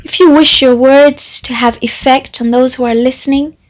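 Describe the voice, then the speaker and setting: A woman Quran teacher giving a measured, reflective religious talk with a retold story. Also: high voice, fairly even intonation, low-quality recording.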